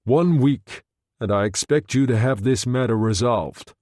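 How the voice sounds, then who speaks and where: A man's voice: medium pitch, a little slow, a little mellow, dry recording, studio quality, lightly acted. Man voicing an agitated commanding general. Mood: grave.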